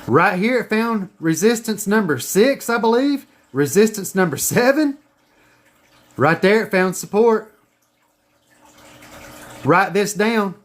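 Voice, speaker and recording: A man's voice: sits high, lively intonation, takes it slowly, long pauses. A man teaching chart reading in a casual screen-share lesson. He is emphatic and profane, and he repeats his points. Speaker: trading educator.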